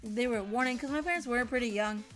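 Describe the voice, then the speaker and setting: A woman's voice: fairly high pitch, quick pace, fairly bright tone, faint music behind. A young woman telling a casual story from her childhood, rambling with lots of fillers and frequent swearing. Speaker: storytime vlogger.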